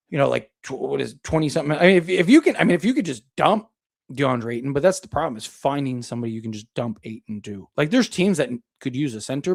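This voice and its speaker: A young man with a medium-pitched, gravelly, slightly mellow voice hosts a casual live basketball talk stream. As this sports podcast host reads viewer super chats, he rambles, thinks out loud, and uses plenty of fillers.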